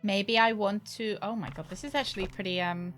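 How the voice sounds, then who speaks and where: A woman's voice: medium pitch, fairly even intonation, a little fast, fairly bright tone. Woman, streamer, reading aloud, stumbles and self-corrects, casual asides, faint background music. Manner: chatty, stumbles and corrects herself mid-sentence.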